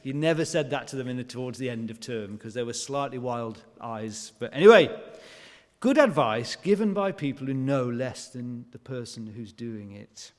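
A man preaching in a church, his speech set in a long, echoing church reverb. His voice is mid-pitched, and he talks in a chatty, conversational way, leaning on rhetorical questions and filling his pauses with "uh" and "um.". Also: animated. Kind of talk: sermon.

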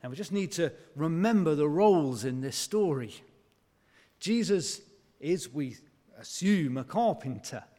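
A man preaching a sermon in a conversational way, asking rhetorical questions and pausing on fillers. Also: a little high, lively intonation, mellow. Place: church. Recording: long church reverb.

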